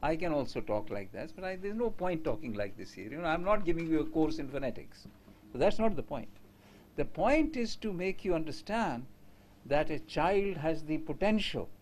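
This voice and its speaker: A man lectures in a relaxed, conversational way. His voice sits a little high, and he keeps putting questions to the listeners. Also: a little hiss or hum. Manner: conversational, asks the audience questions. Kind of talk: lecture to teachers.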